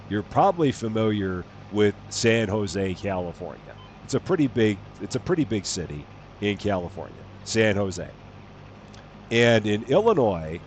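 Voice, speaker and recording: A man with a fairly low-pitched voice and a faint hiss or hum chats casually while streaming a farming game. He's playful and tends to wonder aloud, giving loose live commentary on his gameplay.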